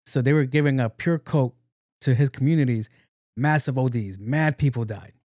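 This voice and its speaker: A man's voice: mid-range voice, normal speed, a little mellow, no room sound, studio quality. A man hosting a podcast, retelling a story in a loose, slangy, profane way. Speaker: podcast host. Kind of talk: casual film recap storytelling.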